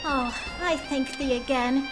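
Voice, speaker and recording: A woman's voice: high voice, fairly even intonation, unhurried, music in the background. A woman voicing a polite cartoon girl playing a king, speaking graciously in mock-old English.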